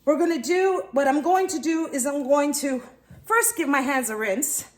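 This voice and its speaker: A woman's voice: high voice, normal speed. A woman hosting a home cooking lesson, chatty and explaining each step, a bit out of breath from kneading dough. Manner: chatty, talks viewers through each step. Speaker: cooking channel host. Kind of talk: casual cooking demonstration.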